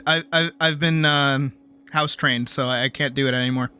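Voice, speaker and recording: A man's voice: mid-range voice, steady tone, normal speed, pushed and bright, clear, resonant tone, faint music behind. Ranty young male game streamer. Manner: rambling, ranty, stumbling restarts and swearing. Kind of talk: casual live-stream chat.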